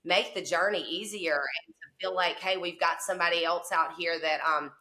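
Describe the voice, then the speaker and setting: Guest voice: chatty Mississippi woman, Southern accent, fairly low and bright. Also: normal speed. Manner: lively, chatty storyteller. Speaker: guest, cleaning company owner. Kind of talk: casual podcast chat.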